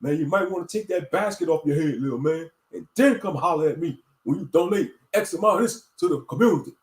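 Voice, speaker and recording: A man's voice: fairly high pitch, expressive, quick pace, roomy sound. A man putting on a breathless, boastful older rap boss who scolds a younger rival. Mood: taunting.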